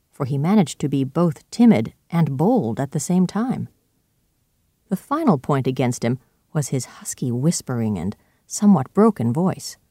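A man narrating a classic story aloud in a steady, even reading. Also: a little high, dry recording, clean studio sound.

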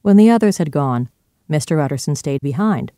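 A narrator giving a measured, even-paced storybook reading. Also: medium pitch, smooth, no room sound, clean studio sound.

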